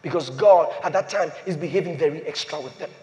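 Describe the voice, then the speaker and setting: A man preaching a sermon as pastor, repeating phrases and swinging from loud declarations to hushed, slow emphasis. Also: on the high side. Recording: long hall reverb.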